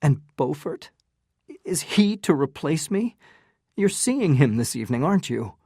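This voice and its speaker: A reader doing a torn young gentleman. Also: a little high, sing-song, measured pace, breathy edge, dry recording, studio quality, voice pushed up, full character voice. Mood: earnest.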